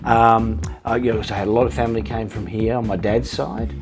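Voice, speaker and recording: A man's voice: mid-range voice, brisk, gravelly, music in the background. An Australian man as an interview guest, chatting animatedly with frequent restarts. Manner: animated storyteller with many restarts. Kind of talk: casual interview chat.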